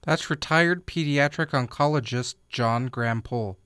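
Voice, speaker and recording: A man co-hosting a podcast, reading scripted narration and credits in a measured way. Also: mid-range voice, fairly bright tone, a little hiss or hum. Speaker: podcast co-host.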